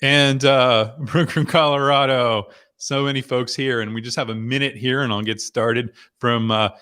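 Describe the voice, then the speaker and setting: A man's voice: medium pitch, steady tone, measured pace, pushed and bright, clean tone. A middle-aged man from New Jersey hosting a live online members' chat, rambling and chatty with lots of fillers and laughs. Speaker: host.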